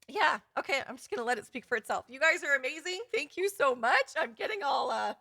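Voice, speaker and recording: A woman's voice: sits high, expressive, brisk, pushed and bright, dry recording. A woman hosting a casual livestream for her students, chatty and effusive, laughing often. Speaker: course host running a live giveaway. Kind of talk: casual livestream talk to viewers.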